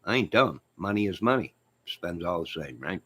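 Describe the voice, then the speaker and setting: A man hosting his own channel, chatting in a rambling, jokey way with sudden loud outbursts. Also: low-pitched, expressive, moderate pace, breathy edge. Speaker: channel host. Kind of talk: rambling joking livestream chat.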